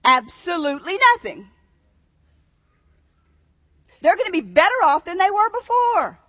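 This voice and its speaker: A woman's voice: very high voice, sing-song, fairly quick, bright, forceful tone. A woman preacher reading scripture aloud and then questioning her listeners in a sermon. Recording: dull echoey hall.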